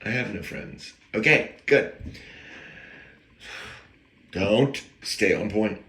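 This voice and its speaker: A man's voice: fairly low pitch, extremely slow, fairly bright tone. A man casually telling an anecdote, rambling with wry, self-aware digressions. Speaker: storyteller. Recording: echoey room.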